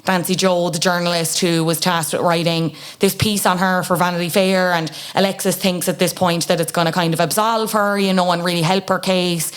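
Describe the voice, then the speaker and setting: A woman's voice: on the low side, level tone, brisk, hardly any pauses, clean tone. A woman guest on a podcast, chatting casually about a reality show. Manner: chatty, with fillers like "you know". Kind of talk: casual pop culture chat.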